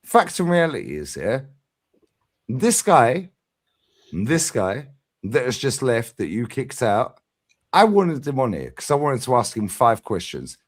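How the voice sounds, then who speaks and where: Middle-aged man, heated streamer, lively swinging pitch, combative. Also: unhurried. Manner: combative, emphatic, constant "yeah?" tags. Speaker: fan channel streamer. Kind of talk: heated livestream debate.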